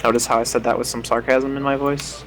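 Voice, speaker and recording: A man's voice: medium pitch, little pitch movement, fast talker, fairly bright tone, slight background noise. A young man streaming a speedrun, chatting casually with rambling, sarcastic asides. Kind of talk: casual stream chat over gameplay. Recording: game music playing behind.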